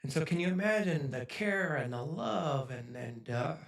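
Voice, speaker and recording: A man's voice: on the high side, animated, normal speed, vocal fry. A man in his forties telling a story to a livestream audience, emotional and choked up, rambling with many fillers. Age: 40s. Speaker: speaker on a livestream. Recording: echoey room, voice from a distance.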